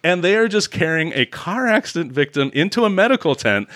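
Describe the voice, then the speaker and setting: A man's voice: sits high, sing-song, brisk, fairly bright tone, no echo. A man riffs sarcastically through a movie review, mocking scenes as he retells them. His voice rises and falls a lot. The sound is close and dry, with no room in it. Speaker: podcast co-host. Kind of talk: casual movie review chat.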